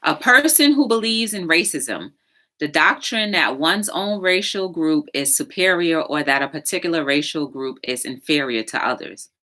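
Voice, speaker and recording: Low-voiced woman hosting a solo talk show. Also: lively intonation, moderate pace, bright, forceful tone. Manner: conversational, storytelling with filler words and acted-out quotes.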